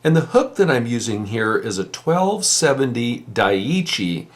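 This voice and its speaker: A man's voice: medium pitch, big pitch swings, a little slow. A middle-aged man, a fishing guide, giving patient step-by-step fly-tying instruction in a plain-spoken way.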